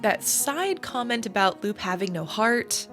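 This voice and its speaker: A woman's voice: mid-range voice, very animated, measured pace, a bit bright. Casting: woman gamer, casual reactive commentary, mid-range voice, game music under her. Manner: chatty, reactive, musing aloud. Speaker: let's play gamer.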